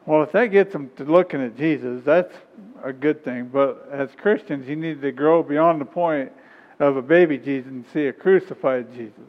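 A man preaching a sermon and reading scripture, emphatic and rising in pitch on key points. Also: normal speed. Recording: dull sound with long hall reverb.

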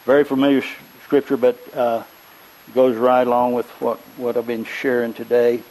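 An older man preaching a sermon in a rambling, conversational way. He tells folksy stories and often stops to clear his throat. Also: mid-range voice, flat delivery, moderate pace, darkish tone, rough recording.

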